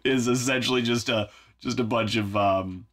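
The man speaks at normal speed in a mid-range, fairly bright voice with fairly even intonation. He hosts a songwriting vlog from his home studio, thinking aloud while working in a casual, dryly self-mocking manner.

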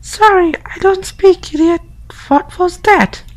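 A man voicing a sarcastic teenage friend in a high, breathy whisper with a mocking manner. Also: slow. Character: teasing, snarky teenage friend. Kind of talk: voicing game dialogue.

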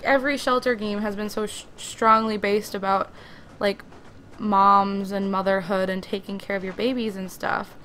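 A woman playing a video game and commenting casually, excitable and swearing freely as she chats to the characters on screen. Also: medium pitch, slight background noise. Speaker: let's play gamer.

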